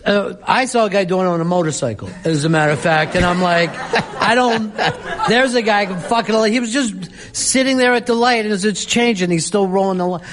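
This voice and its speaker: A male interview host with a notably high voice, chatting easily and wryly with his guest. He backs the guest's stories up and adds his own. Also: fairly quick, crowd noise. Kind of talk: casual interview chat.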